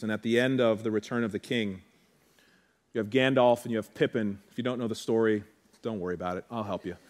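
A male pastor preaching a sermon in an earnest, heartfelt way, with conversational asides to the congregation. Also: on the low side.

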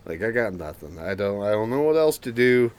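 A young adult man, a former Marine and firefighter, casually telling a profane, animated story as a podcast host. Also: fairly low pitch, fairly quick, clear, resonant tone.

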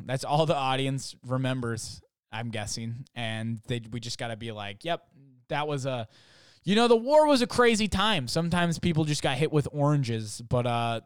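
A man's voice: mid-range voice, clean tone, dry recording, clean studio sound. A man telling a funny story in a casual, rambling way, full of fillers and restarts.

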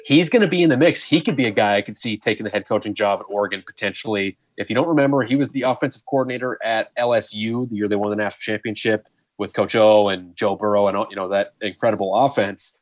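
A man's voice: lowish voice, quick pace, no echo. Laid-back man on a sports podcast. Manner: animated, laughing, exclaims in disbelief. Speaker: podcast co-host. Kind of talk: casual sports chat. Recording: dull, slightly lo-fi dry sound.

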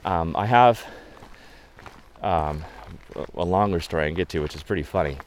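Low-voiced man telling rambling stories. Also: moderate pace, slight background noise. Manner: rambling, chatty anecdotes with many fillers. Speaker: guest photographer who leads photo walks. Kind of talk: casual storytelling interview.

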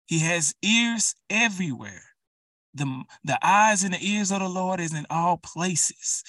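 A man's voice: high voice, expressive, measured pace, bright, forceful tone, dry recording, far from the mic. A man preaching an urgent, emphatic sermon, speaking straight to his listeners.

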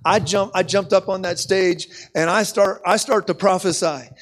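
A man's voice: high-pitched, fairly even intonation, normal speed, a bit bright. A man preaching a sermon, telling a story with lots of repeated words and a frequent "okay?" to the listeners. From United States.

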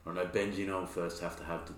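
A man's voice: deep voice, fairly even intonation, rapid-fire. An Australian man co-hosting a podcast, laid-back with dry jokes in casual banter. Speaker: podcast co-host. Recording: roomy, distant mic, faint hum.

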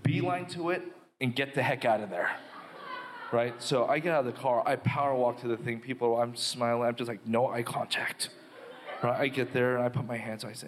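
Male guest minister, mid-pitched, animated storyteller who ends in prayer. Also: fairly quick. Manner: animated, quotes his inner dialogue. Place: live podcast before an audience.

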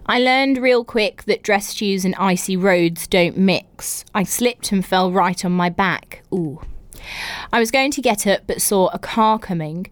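A woman's voice: medium pitch, no room sound. A young woman from England hosting a casual podcast, reading out listeners' stories and reacting with exaggerated, giggly comments. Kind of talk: casual chat.

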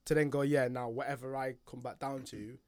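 A man's voice: mid-range voice, fairly even intonation, a little fast, a little mellow. A young man from England in casual banter with friends, using heavy slang and laughing often.

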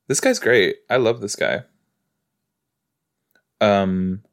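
A man's voice: on the low side, takes it slowly, long pauses. A man hosting a podcast, chatting playfully as he reacts to a show he is watching. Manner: chatty, playful, talks to the screen. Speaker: podcast host. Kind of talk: casual watch-along reaction.

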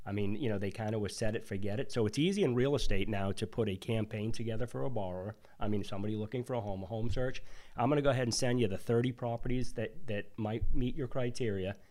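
A man with a deep voice co-hosting a casual podcast, speaking in a steady, practical, matter-of-fact way. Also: fast talker. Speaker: podcast co-host.

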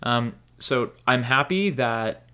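A man's voice: mid-range voice, lively intonation, slow, sharp tone, smooth. A man co-hosting a podcast, talking casually and hedging his points, with some swearing. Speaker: podcast co-host. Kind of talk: casual chat.

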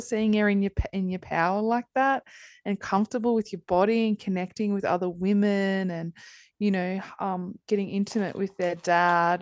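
A woman's voice: mid-range voice, no room sound. Candid chatty woman. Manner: candid, chatty, swears freely, rambling restarts. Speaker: guest telling her birth story. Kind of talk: casual conversation.

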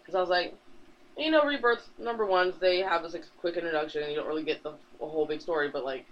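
A man co-hosting a podcast, casually retelling a comic book plot in a rambling way, swearing freely and dropping into quick character voices. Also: on the high side. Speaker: podcast co-host. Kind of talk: casual chat, recapping a comic. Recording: dull lo-fi recording.

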